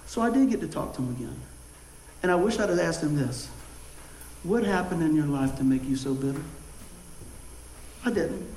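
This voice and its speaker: Male preacher, high voice, animated storyteller, echoey room. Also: slight background noise. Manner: animated storytelling with call-and-response. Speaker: pastor. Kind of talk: sermon.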